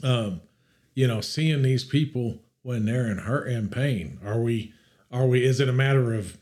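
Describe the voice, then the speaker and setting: Animated man in casual chat. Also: medium pitch, a little slow. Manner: animated, emphatic, talks in restarts. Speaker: podcast co-host.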